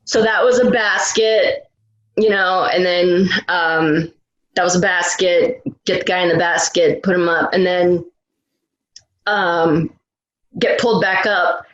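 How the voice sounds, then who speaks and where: A woman's voice: lowish voice, steady tone, takes it slowly, a bit bright, muffled recording. A woman, a retired rescue swimmer, telling a story in a casual interview, full of restarts and laughs. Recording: roomy, echoey room.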